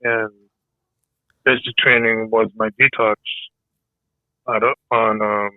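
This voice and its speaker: A man in a casual podcast interview who is losing his voice, speaking in a halting, hesitant way. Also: fairly low pitch, little pitch movement, no room sound. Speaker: military veteran guest. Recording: tinny phone-like line.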